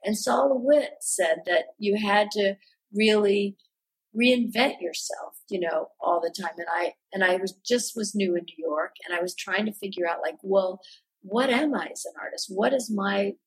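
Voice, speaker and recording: A woman with a husky, breathy voice tells stories in an interview. She is animated and self-mocking, keeps restarting her sentences, and slips into the voices of the people she describes. Her voice sits at an ordinary middle pitch. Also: moderate pace, poor audio. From American Midwest. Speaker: artist recalling her early work. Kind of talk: storytelling interview answers.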